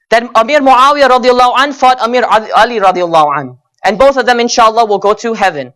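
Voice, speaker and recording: A man giving a religious lecture at an Islamic center, telling stories earnestly and slowing down to stretch key words, rising in pitch and force when he argues his point. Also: bright, forceful tone. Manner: rises in pitch and intensity when arguing; addresses audience as brothers and sisters.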